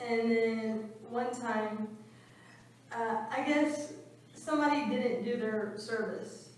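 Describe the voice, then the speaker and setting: In a temple room, a woman teaches a scripture class, telling stories and acting out what people said. Her voice sits a little high, and the recording is echoey and distant with slight background noise.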